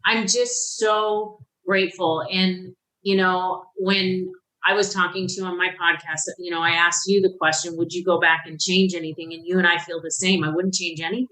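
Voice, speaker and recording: A woman's voice: fairly low pitch, normal speed, low-quality recording. A woman in her fifties, a podcast guest, openly telling a personal life story with feeling, often restarting her sentences. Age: 50s. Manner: emotional, animated when reliving moments, frequent restarts.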